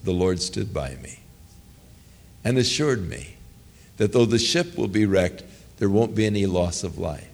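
Retold story: a preacher as a solemn apostle, low and reassuring. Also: male voice, lively intonation, a little slow, vocal fry, pauses often, a little mellow, exaggerated voice. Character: calm apostle reassuring sailors, grown man.

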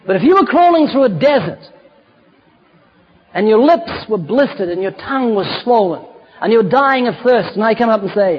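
A man preaching a fervent sermon, building to shouted emphasis on key points. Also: sits high, animated, normal speed, breathy edge, highs cut off.

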